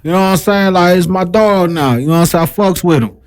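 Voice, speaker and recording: A young American man chatting as a podcast guest, loose and slangy, who stumbles through restarts as he gets going. His voice sits on the high side, and he talks in a lively rush. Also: quick pace. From United States. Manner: animated, slangy, repeats himself. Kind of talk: casual chat.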